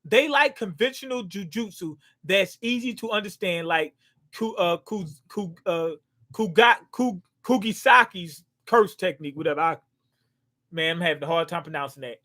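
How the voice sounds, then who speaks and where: A man hosting a live manga reaction, reading panels aloud with excited outbursts and stumbling over names. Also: sits high, normal speed.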